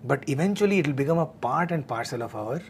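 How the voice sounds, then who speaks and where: A man's voice: medium pitch, lively intonation, quick pace, slight background noise. A man talking earnestly and casually about meditation and staying cheerful, often saying "you know". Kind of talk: casual spiritual conversation.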